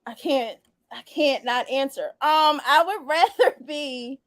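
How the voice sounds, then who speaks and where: A woman's voice: high-pitched, slow pace, no echo. A young adult woman hosting a casual live-stream chat, laughing and teasing as she reads viewer answers. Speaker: host.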